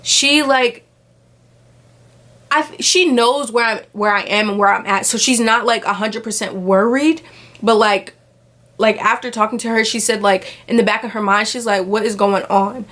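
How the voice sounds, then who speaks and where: A woman's voice: a little high, normal speed. Young woman vlogger, casual storytime, acts out the voices in her story. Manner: animated retelling, acts out quoted voices, filler "like" often.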